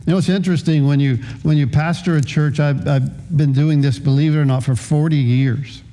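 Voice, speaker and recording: A man in his fifties preaching a sermon as pastor, with a halting delivery full of repeated words. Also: a little high, steady tone, mellow.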